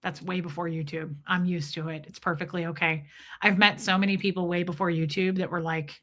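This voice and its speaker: Woman streamer, casual rambling joker, bright and sharp-toned. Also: lowish voice, little pitch movement, fairly quick. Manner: rambling, jokey storytelling. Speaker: livestream host. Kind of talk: casual chat with viewers.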